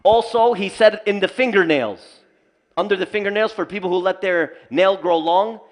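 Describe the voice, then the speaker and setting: Brief: male Islamic teacher, fairly high voice, animated, humorous storytelling lecture. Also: normal speed. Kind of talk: community lecture. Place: mosque community hall.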